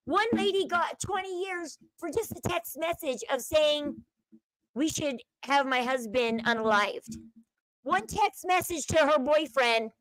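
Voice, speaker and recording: A woman's voice: high voice, a bit bright, dry recording, rough recording. A young adult woman hosting her own channel, casually retelling a crime story and acting out the quotes. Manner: chatty storyteller, acts out quotes, euphemisms like schmurdered. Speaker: commentary channel host.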